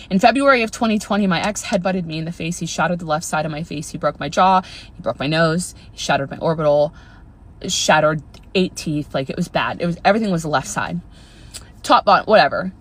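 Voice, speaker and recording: A woman telling a heavy personal story, overwhelmed and close to tears, earnest and rambling, cursing for emphasis. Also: on the low side. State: on the verge of tears.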